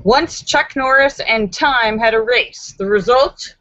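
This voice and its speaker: A woman's voice: fairly high pitch, slow pace, fairly bright tone, no room sound, dull audio. A woman hosting a live stream, reading jokes aloud with playful comic asides. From United States.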